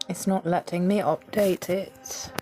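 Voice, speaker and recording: A low-pitched woman leads a casual reiki healing livestream, gushing affection at her viewers and cursing freely as she goes. Soft music plays faintly in the background. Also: steady tone, measured pace. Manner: effusive, affectionate and swearing freely. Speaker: reiki practitioner hosting a livestream.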